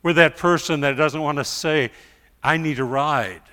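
Male pastor, sermon, smooth resonant voice, long hall reverb, hushed storytelling to loud pleading. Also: on the high side, moderate pace. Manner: storytelling, dropping soft then rising to loud pleas.

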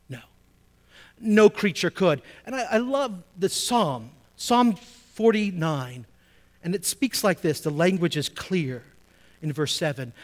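Pastor guy preaching, high voice, repeats stuff for emphasis, goes quiet then loud. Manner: emphatic preaching, repeats key phrases, swings between soft and loud. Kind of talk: sermon.

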